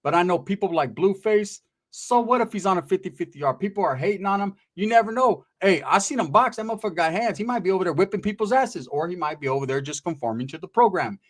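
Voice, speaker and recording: A man's voice: high-pitched, expressive, fast talker, hardly any pauses. A man telling stories in casual, slang-heavy talk, acting out what other people said. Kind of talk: casual storytelling.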